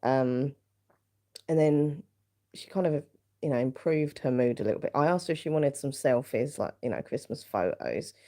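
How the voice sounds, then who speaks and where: Low, gravelly woman chatting. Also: animated, fairly quick, mellow. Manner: rambling, chatty storytelling with many fillers. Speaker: vlogger hosting a live stream. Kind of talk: casual chat.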